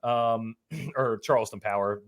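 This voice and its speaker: A man's voice: mid-range voice, a little slow. A man co-hosting a sports podcast, telling a casual story with lots of fillers, restarts and laughter. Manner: laid-back storyteller, laughs often, many fillers and restarts. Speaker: podcast co-host. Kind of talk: casual chat.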